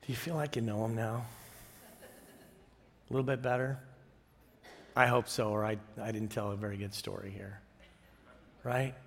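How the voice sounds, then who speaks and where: A middle-aged man preaching a sermon, telling stories in a lively way, chuckling often and asking the audience questions. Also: on the low side, normal speed, gravelly, pauses often. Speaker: pastor. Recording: reverberant hall.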